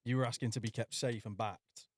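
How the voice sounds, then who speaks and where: A male podcast host chipping in quickly during a casual chat. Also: medium pitch, fairly even intonation, slightly rough, no echo, clean studio sound.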